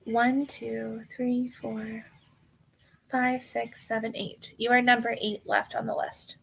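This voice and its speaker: A woman's voice: fairly high pitch, little pitch movement, slow pace, vocal fry, slightly rough. American woman chatting with live viewers. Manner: warm, apologetic, giggly, calls viewers hon. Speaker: tarot reader hosting a live stream. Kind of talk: casual live-stream chat with viewers.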